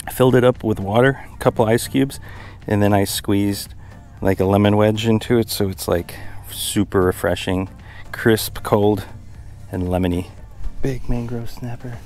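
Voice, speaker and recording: A young man narrating his fishing trip from a small boat, casual and excitable, breaking into loud exclamations whenever a fish bites. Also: fairly low pitch, a little slow, pauses often, faint music behind. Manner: excitable, exclaims loudly when fish bite. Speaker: fishing vlogger. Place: small boat on the water outdoors.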